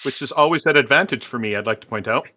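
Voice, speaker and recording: Man, tabletop player, brash and joking, bright tone. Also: medium pitch, fast talker. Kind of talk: tabletop game play.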